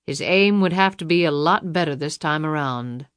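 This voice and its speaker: A woman reading a suspense novel audiobook in a measured, dramatic narration. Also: low voice, clear, resonant tone, no echo, clean studio sound. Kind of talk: scripted thriller narration.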